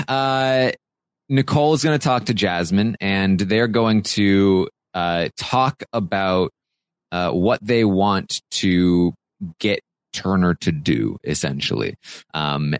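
Deep-voiced man recapping in casual chat. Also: no echo. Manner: retells houseguests' talk in quick paraphrased quotes, with fillers. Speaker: podcast host recapping a reality show.

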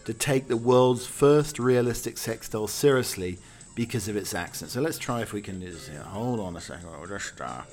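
A man's voice: on the low side, expressive, normal speed, darkish tone, soft background music. Chatty British man hosting a talk show. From United Kingdom. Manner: chatty, wry, with many fillers. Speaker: host. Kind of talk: casual chat.

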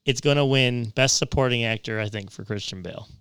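A chatty man talks up a film he loved, dropping plenty of fillers as he goes. His voice is smooth and clear, with an ordinary pitch, and the dry sound places the mic close to him. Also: a little fast, a bit bright, dry recording. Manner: enthusiastic, chatty, filler-heavy. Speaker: podcast co-host. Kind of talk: casual movie review chat.

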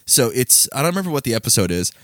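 A man co-hosting a comedy podcast, telling stories in a dry, deadpan way and acting out quotes. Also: mid-range voice, racing, dry recording. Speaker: podcast co-host. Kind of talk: casual comedic chat.

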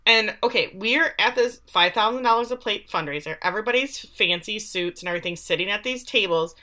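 Woman co-host, bright voice, rambly sarcastic recap talk. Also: mid-range voice, fairly quick. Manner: chatty, sarcastic asides, frequent fillers. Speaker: podcast co-host. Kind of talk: casual TV recap chat.

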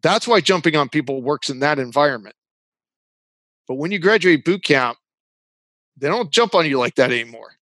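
A man's voice: on the high side, lively intonation, moderate pace, long pauses, a bit bright, no echo. A man guesting on a podcast as a business consultant, explaining his views earnestly in casual interview talk, with a dry sarcastic streak. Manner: earnest, sarcastic at times, laughs while explaining.

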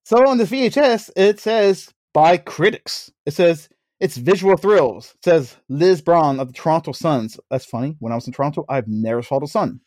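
A man's voice: fairly high pitch, expressive, moderate pace, few pauses, darkish tone, dry recording. A man hosting a casual comedic movie review chat, joking and laughing often. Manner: jokey, laughs often, teasing. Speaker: podcast host.

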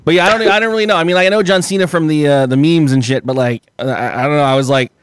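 A man's voice: fairly high pitch, very fast, smooth, dry recording, studio quality. A man telling a long story on a podcast in a profane, rambling way, often laughing as he talks. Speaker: podcast guest. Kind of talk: casual storytelling.

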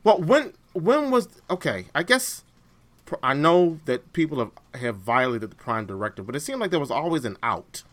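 A man's voice: fairly high pitch, big pitch swings, moderate pace, fairly bright tone. A man co-hosting a fan podcast, talking in casual chat with lots of fillers and restarts. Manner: hesitant, many fillers and restarts. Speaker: podcast co-host.

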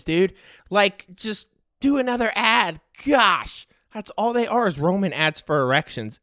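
A man's voice: fairly high pitch, pushed and bright, dry recording, studio quality. A man hosting a podcast, ranting in a loose, joking, profane way, short of breath. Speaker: podcast host. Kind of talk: casual sports podcast rant.

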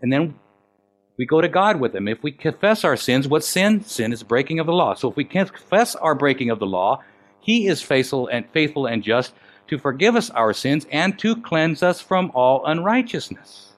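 A man preaching a sermon and telling his own story, swinging between loud emphatic questions and hushed, quiet quoted lines. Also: on the high side, very animated, normal speed. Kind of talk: sermon with personal testimony.

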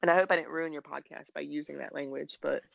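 A man's voice: a little high, steady tone, quick pace, gravelly, fairly bright tone, no echo. A man, a podcast guest, telling a frank, emotional personal story in a conversation and swearing now and then. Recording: dull, lo-fi.

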